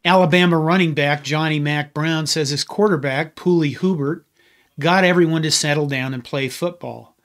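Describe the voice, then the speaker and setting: Man narrating history, slightly high voice. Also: fairly even intonation, moderate pace, a bit bright. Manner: conversational with wry asides. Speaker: history channel host.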